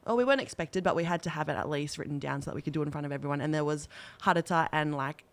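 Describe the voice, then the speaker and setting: A woman's voice: low voice, very fast. A young woman from New co-hosting a podcast, asking questions and chatting casually with her teammate. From New Zealand. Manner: friendly interviewer, asks questions and reacts. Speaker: podcast co-host and rugby league player. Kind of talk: casual chat.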